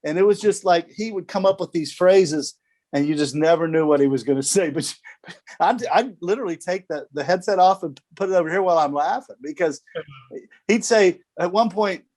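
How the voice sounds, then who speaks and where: A man of about sixty with a slightly high voice, a TV sports director speaking as a guest on a video call. He tells stories in a chatty, easy way, laughs often and repeats a few words before each phrase gets going. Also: fairly quick, a little mellow. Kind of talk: casual storytelling in an interview.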